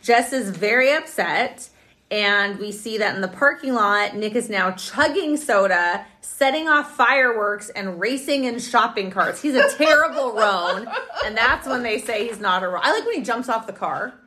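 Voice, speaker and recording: A woman co-hosting a podcast, walking through an episode recap in a chatty, brisk way with playful asides. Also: a little high, expressive, sharp tone. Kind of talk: casual chat.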